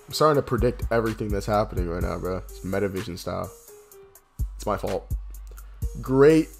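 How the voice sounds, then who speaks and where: Young male gamer, gameplay commentary; animated pitch, loud hype yells dropping to low muttering, profane; soft game music under him. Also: fairly quick, creaky. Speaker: gaming YouTuber.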